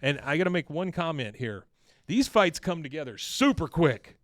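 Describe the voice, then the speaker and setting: A man co-hosting a podcast, recapping a cartoon episode in casual chat and acting out the characters' lines in excited bursts. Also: on the high side, normal speed, dry recording, clean studio sound. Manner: animated, acts out quotes in excited bursts. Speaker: podcast co-host.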